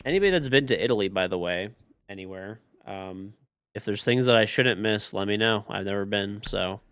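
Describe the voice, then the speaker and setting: A man's voice: on the low side, fairly quick, smooth, dry recording, clean studio sound. A man in his thirties streaming a game, chatting casually and telling stories with lots of swearing. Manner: animated storyteller, swears a lot. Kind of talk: casual chat while gaming.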